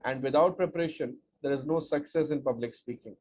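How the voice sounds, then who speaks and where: A man giving an energetic, emphatic webinar talk as a speech coach, with lots of rhetorical repetition. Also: mid-range voice, a little fast. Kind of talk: webinar presentation. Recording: dull lo-fi audio with faint noise.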